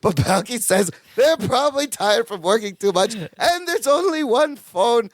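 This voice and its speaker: A podcast co-host whose pitch swings widely as they retell scenes, recorded close and dry. They laugh readily and chime in with quick agreement. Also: animated, dry recording. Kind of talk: casual chat recapping a sitcom episode.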